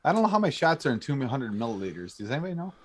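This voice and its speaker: A man on a casual livestream chat, laid back and joking. His voice is mid-pitched and plain, with an unhurried manner. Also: sing-song, husky.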